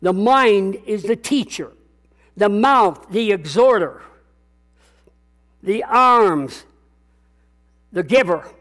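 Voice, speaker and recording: An older man preaching from the pulpit in a high, lifted voice. He is emphatic and repeats himself. He keeps calling out to the congregation for agreement. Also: lively intonation, slow pace, long pauses, a bit bright. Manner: emphatic, repetitive, calls out to the congregation. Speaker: pastor. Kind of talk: sermon.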